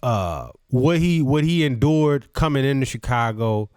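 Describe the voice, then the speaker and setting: A man's voice: mid-range voice, measured pace, clear, resonant tone, no echo, studio quality. A middle-aged man co-hosting a podcast, joking and arguing his side in playful sports banter. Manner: playful, joking, animated interjections. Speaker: podcast co-host.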